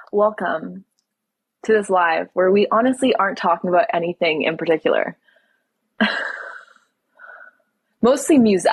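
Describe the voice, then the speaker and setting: A young woman hosts a relaxed live stream, reading out comments and answering them frankly. Her voice sits low and has a breathy, husky edge. It sounds dry and close, with no room around it. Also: no echo, low-quality recording. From Toronto, Canada. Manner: relaxed, reads out viewer questions and answers them candidly. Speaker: livestream host.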